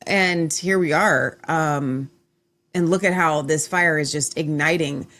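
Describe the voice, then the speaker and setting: A woman hosts her own show in a loose, casual chat. She rambles, restarts her sentences and speaks in a slightly low voice. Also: slow pace, fairly bright tone. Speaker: host.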